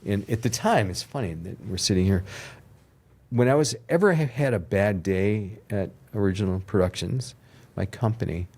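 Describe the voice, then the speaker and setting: Older guy, lowish voice, animated storyteller doing all the voices. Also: moderate pace, breathy edge. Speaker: TV producer, podcast guest. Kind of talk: storytelling interview.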